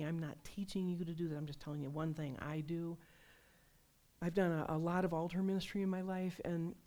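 A woman preaching a sermon, telling personal stories in a conversational, animated way. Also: low voice. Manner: conversational, animated storytelling with laughs.

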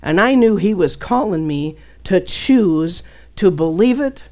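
A middle-aged woman preaching a fervent, folksy sermon that swings between loud declarations and hushed asides. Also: lowish voice, lively intonation, unhurried.

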